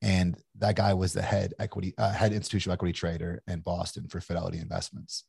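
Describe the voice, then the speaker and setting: Guest entrepreneur in his forties, low husky voice, loose and candid, lots of restarts. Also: completely flat delivery, fast talker, a little mellow, dry recording. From Kentucky, USA. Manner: candid, rambling, frequent restarts. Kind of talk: casual interview storytelling.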